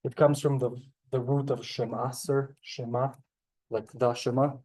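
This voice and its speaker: A man's voice: mid-range voice, little pitch movement, unhurried, darkish tone. A man teaching a classroom language lesson, explaining step by step with many ums and asides. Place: synagogue classroom.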